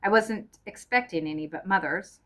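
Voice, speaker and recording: A woman reading the part of a cold, sarcastic middle-aged husband who speaks deliberately and with mockery. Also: medium pitch, a bit bright, close to an everyday voice. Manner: irritable, mocking, deliberate.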